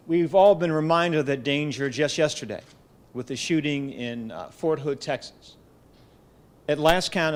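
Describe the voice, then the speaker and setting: A middle-aged man delivers a keynote at a college gathering, his voice sitting a little higher than most men's. He speaks in a measured, storytelling manner, letting gentle humor slip in. He is heard through a podium microphone in an event hall. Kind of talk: formal speech at a podium.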